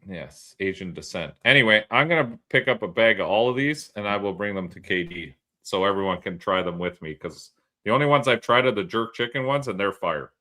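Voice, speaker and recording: A man co-hosting a podcast, joking around with a tense, forceful edge to his voice. He sits a little low in pitch and laughs easily, swears freely and keeps the banter loose. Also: animated, a little fast. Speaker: podcast co-host. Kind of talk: casual banter.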